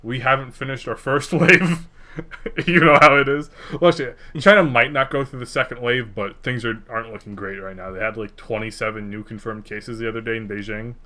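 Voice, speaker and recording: Young dude rambling on a podcast, bright clear voice, swears a lot, super laid back. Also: male voice, mid-range voice, fairly even intonation, fairly quick. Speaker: podcast co-host. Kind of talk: casual podcast chat.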